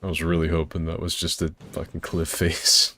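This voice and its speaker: Deep-voiced man chatting while gaming. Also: monotone, moderate pace, sharp tone. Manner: laid-back, rambling, swears freely, laughs often. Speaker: streamer playing co-op with friends. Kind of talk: casual gaming chat.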